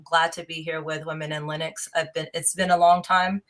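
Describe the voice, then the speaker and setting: A woman's voice: low-pitched, little pitch movement, fairly quick, a bit bright. A woman guest, a tech executive and investor, speaking in an articulate, upbeat way on a livestream. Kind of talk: casual interview talk.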